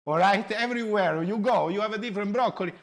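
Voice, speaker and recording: A man's voice: high-pitched, quick pace. A middle-aged Italian man hosting a cooking show from his kitchen, chatting animatedly in Italian-accented English that is sprinkled with Italian words. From Italy. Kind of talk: casual cooking chat. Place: home kitchen.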